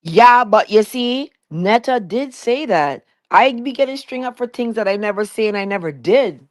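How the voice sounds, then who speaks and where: A woman's voice: on the high side, animated, normal speed, dry recording, clean studio sound. A woman chatting casually on a livestream, indignant and defensive.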